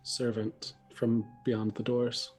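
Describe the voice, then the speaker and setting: A man's voice: medium pitch, completely flat delivery, slow pace, a little mellow, soft background music, natural voice. A man playing a courteous, guarded adventurer. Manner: formal, courteous.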